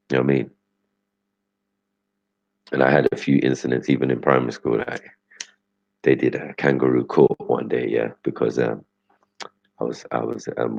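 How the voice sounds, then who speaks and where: Deep gravelly guy with chatting away, dry muffled sound, keeps going "you get me". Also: a little mellow, no room sound. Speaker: host. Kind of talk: casual storytelling chat. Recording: dull lo-fi sound.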